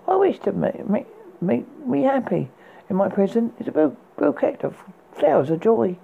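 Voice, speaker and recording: A man's voice: extremely high pitch, sing-song, normal speed, vocal fry, phone-quality sound, a little hiss or hum, pitched above the performer's own voice, full character voice. A man reading aloud and voicing a beautiful young woman locked in a tower, pert and saucy in a raised voice. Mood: pleading.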